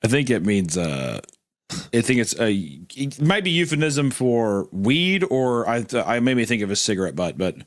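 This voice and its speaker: A man's voice: mid-range voice, very animated, moderate pace. A man co-hosting a comedy podcast, rambling and joking with many fillers. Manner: rambling, jokey, lots of fillers. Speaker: podcast co-host. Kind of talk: casual comedic podcast chat.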